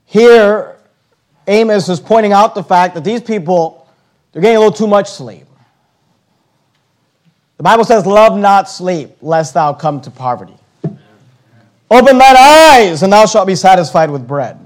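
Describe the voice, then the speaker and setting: A man preaching a sermon, slowing down on key words and often repeating himself as he makes his points. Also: high-pitched, lively intonation. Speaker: pastor.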